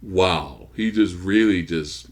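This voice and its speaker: A man's voice: low voice, slow. A man co-hosting a casual movie podcast, talking loosely and swearing, with frequent laughs. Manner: animated, swearing, laughs often. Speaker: podcast co-host.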